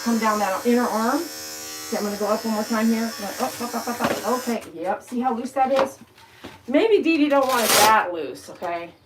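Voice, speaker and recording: A woman's voice: fairly high pitch, moderate pace, noisy background. Chatty woman over buzzing clippers. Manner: chatty, blunt, talks to the dog and viewers. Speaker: dog groomer. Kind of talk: casual talk while grooming. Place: grooming room. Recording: clipper buzz behind the voice.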